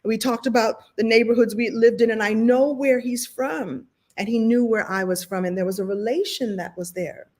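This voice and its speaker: Brooklyn woman, motivational coach live stream, emotional and animated, laughs a lot. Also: fairly high pitch, moderate pace. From Brooklyn, New York. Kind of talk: motivational livestream talk.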